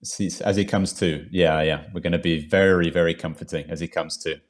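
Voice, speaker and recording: A man with a low voice plays a tabletop game. He is laid-back and casual, often breaking into laughter. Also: steady tone, brisk. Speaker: player.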